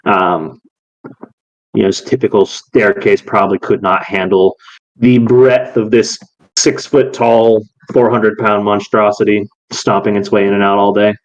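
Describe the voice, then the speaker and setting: Relaxed man running a tabletop game. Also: on the low side, a little slow, muffled recording. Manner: relaxed, with many fillers. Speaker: game master.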